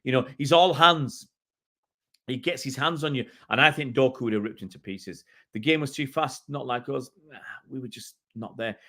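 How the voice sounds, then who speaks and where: A man's voice: medium pitch, moderate pace, fairly bright tone. A middle-aged man from England hosting a fan channel live stream, ranting in exasperation and repeating himself. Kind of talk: live-stream match reaction.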